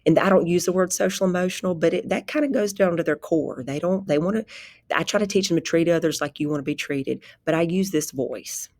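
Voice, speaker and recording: A pre-K teacher talks through her classroom habits in an unhurried, conversational way. Her voice sits low, and she circles back on her own phrases. The recording is dry and close, with no room sound. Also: no echo. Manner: calm, conversational, rambling with restarts. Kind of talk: informal spoken presentation.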